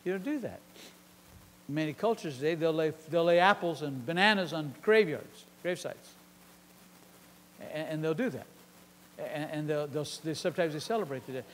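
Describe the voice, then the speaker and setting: A man's voice: fairly high pitch, lively intonation, moderate pace, pauses often, long reverb tail, a little hiss or hum. A middle-aged man preaching a sermon as a pastor, dramatically acting out the lines of the Bible characters.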